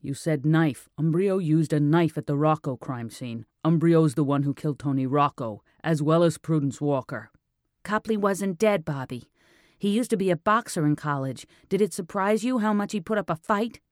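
A man's voice: a little high, normal speed, darkish tone, no room sound, clean studio sound, lightly acted. A man voicing a tough female police detective, insistent and questioning in an audiobook reading. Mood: pressing.

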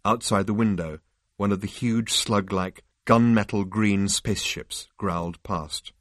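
A man narrating a book chapter in a measured, dryly expressive reading voice. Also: lowish voice, dry recording, clean studio sound. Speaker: audiobook narrator. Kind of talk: scripted narration.

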